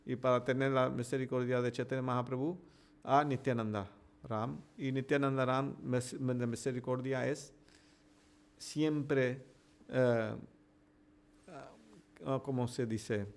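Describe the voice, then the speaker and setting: A man teaching a devotional scripture class, stopping to translate himself line by line, with halting restarts. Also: medium pitch, steady tone. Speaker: preacher.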